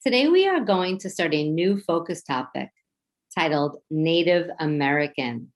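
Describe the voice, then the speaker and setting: A woman teacher with a New York accent leading a children's phonics lesson, slow, clear and encouraging as she sounds words out. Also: sits low, animated.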